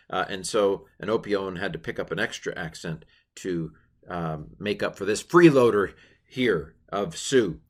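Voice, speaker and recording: A man giving an informal lesson on Greek grammar, chatty and halting, with many fillers and playful asides. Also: on the low side, expressive. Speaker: Greek teacher.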